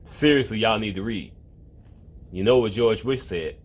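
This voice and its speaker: Man, middle pitch, rambling, heavy swearing, comedic home commentary. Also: normal speed. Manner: loose, rambling, heavy swearing, often interrupted. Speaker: online video host. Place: at home, with a cat in the room.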